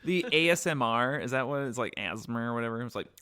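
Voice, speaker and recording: A man's voice: medium pitch, animated, fast, pushed and bright, clear, resonant tone. A man co-hosting a podcast, chatting casually and joking around with playful banter. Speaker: podcast co-host.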